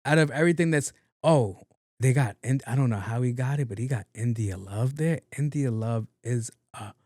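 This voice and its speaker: A young man hosts a casual solo podcast. His talk is loose and full of profanity, rambling through fillers at a mid pitch. The sound is close and dry, with no room in it. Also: moderate pace, darkish tone, dry recording. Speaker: podcast host.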